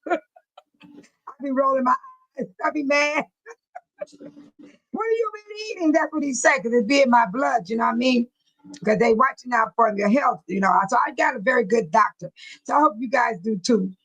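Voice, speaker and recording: High-pitched lady hosting a live chat, rambling stories, laughing all the time. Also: fairly bright tone, rough recording. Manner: chatty, laughing often, colloquial storytelling. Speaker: live stream host. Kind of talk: casual chat with viewers.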